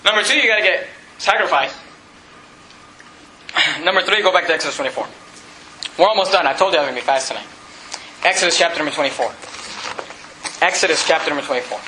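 A man pastor preaching a sermon with emphatic repetition, reading scripture slowly and deliberately. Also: fairly high pitch, bright, forceful tone, reverberant, a little hiss or hum, rough recording. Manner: emphatic preaching, repeats scripture references, reads King James verses slowly. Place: church.

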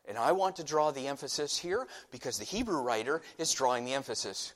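A man preaching a sermon, emphatic, pressing hard on key words and then dropping to a hush. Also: mid-range voice, expressive, brisk, few pauses. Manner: emphatic, swings between loud stresses and hushed passages.

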